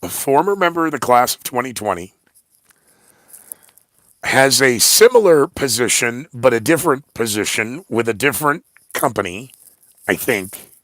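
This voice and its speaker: A man's voice: medium pitch, expressive, normal speed, a bit bright, no room sound, clean studio sound. A man hosting his own podcast, talking in a rambling, blunt monologue full of sarcastic asides. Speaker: podcast host.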